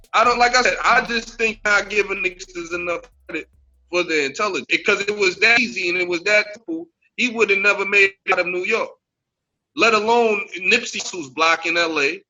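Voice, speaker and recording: Bright high-voiced man debating emphatically. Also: fairly quick, muffled recording, soft background music. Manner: emphatic, repetitive restarts. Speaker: podcast co-host. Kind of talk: casual debate on a podcast.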